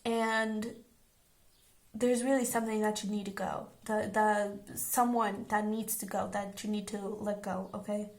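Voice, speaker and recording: A woman's voice: mid-range voice, level tone, measured pace. A young woman giving a casual pick-a-card tarot reading, earnest and reassuring, often checking in with "okay?". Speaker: tarot reader.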